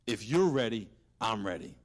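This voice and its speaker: A man preaching as a pastor, swinging from loud animated exhortation to a hushed prayer. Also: lowish voice, moderate pace. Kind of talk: sermon.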